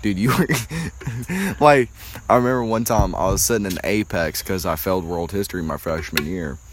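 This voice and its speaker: A man's voice: deep voice, fairly quick, slight background noise. A young adult man hosting a podcast, easygoing in casual chat. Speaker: podcast host.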